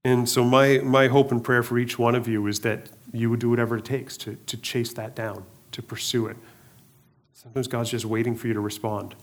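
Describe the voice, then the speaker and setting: A man's voice: medium pitch, level tone, brisk. A middle-aged male pastor giving a casual sermon in a conversational way, often repeating words and restarting, with joking asides.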